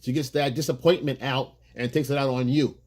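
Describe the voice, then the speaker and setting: A man coaching on dating in a husky, slightly breathy voice. He delivers his points emphatically, in a preachy lecturing manner, at an everyday pitch. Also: steady tone, brisk, a little mellow. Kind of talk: monologue advice video.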